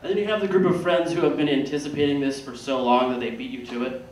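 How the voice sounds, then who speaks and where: A man's voice: mid-range voice, fairly even intonation, fast talker. Self-deprecating thirty-something guy doing stand-up. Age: 30s. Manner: self-deprecating, acts out other people's lines. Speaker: stand-up comedian. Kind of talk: stand-up comedy set. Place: comedy theater stage. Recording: echoey room from far off, loud noise.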